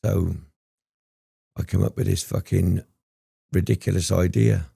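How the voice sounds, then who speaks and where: Guy with a real gravelly low voice, rambly and sweary, ums a lot, dry room. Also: steady tone, a little slow, dark tone, no echo. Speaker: guest. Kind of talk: candid storytelling interview.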